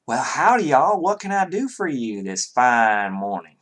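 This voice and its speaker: A man's voice: mid-range voice, very animated, a little slow, a bit bright, voice pushed up. A man voicing a cheerful young lord of a horse town with a put-on Southern US accent, folksy and rambling.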